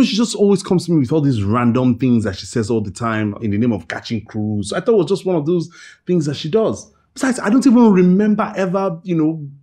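An actor with a Nigerian accent playing a husband who mistreated his wife, halting, defensive and stammering. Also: on the high side, dark tone, husky.

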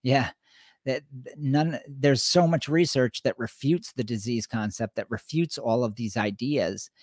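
A middle-aged man co-hosting a podcast, talking casually and retelling conversations in an animated way. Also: medium pitch, unhurried, dry recording, clean studio sound. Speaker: podcast co-host.

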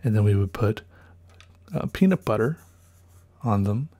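A man's voice: fairly low pitch, expressive, unhurried, dark tone. A man hosting a podcast, telling a rambling story in a casual way, correcting himself often and a little out of breath. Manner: rambling, self-correcting, trails off with fillers. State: slightly out of breath. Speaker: podcast host.

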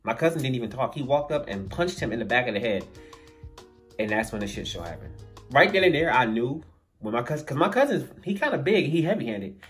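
A man telling a funny story in a storytime vlog, animated and acting out the voices of the people in it. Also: mid-range voice, brisk, faint music behind.

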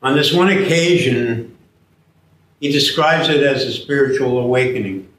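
A man's voice: medium pitch, moderate pace, fairly bright tone, a little hiss or hum. A man giving a sermon, telling a story and acting out the voices of its characters. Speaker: preacher. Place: church. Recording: echoey church from far off.

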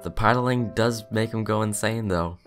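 A man reading dry scripted narration between gameplay clips in a flat, matter-of-fact way. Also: on the low side, moderate pace, faint music behind. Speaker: video editor narrating.

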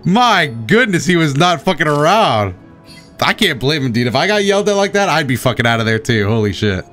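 A man streaming a game, commentating with excitement, often gasping and shouting at the creatures on screen. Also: on the high side, fairly quick, faint music behind. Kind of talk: excited let's-play commentary.

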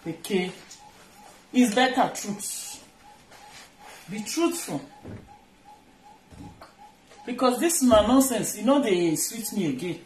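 A woman's voice: mid-range voice, big pitch swings, slow, long pauses, darkish tone, reverberant, a little hiss or hum, poor audio. A woman with a Nigerian accent chatting casually and teasingly while doing chores in her kitchen, rambling and switching between languages. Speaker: vlogger. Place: home kitchen.

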